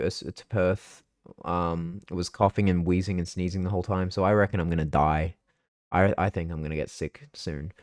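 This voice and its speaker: A man's voice: sits low, a little mellow, dry recording, studio quality. A young man, chatting casually and rambling through a vlog recap of his trip. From Australia. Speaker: vlogger.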